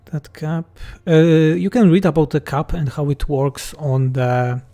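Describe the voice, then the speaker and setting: A man's voice: a little high, a little slow, warm tone. A man from Poland with a Polish accent, a game mod developer reading chat questions aloud and answering them bluntly and jokingly on a livestream.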